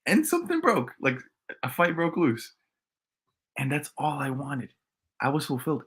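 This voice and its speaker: A man hosting a podcast, telling a story in a relaxed casual way. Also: fairly high pitch, moderate pace, husky. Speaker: podcast host.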